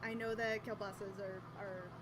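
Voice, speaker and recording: A woman's voice: mid-range voice, little pitch movement, moderate pace, very noisy. A woman streamer in casual chat, rambling and self-mocking, often laughing at herself.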